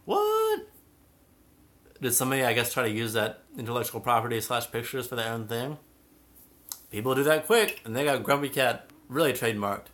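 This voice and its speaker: A man's voice: mid-range voice, fairly even intonation, fairly quick, fairly bright tone. A young man hosting a casual live stream about cats, chatting and reading out viewer comments. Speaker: cat channel host.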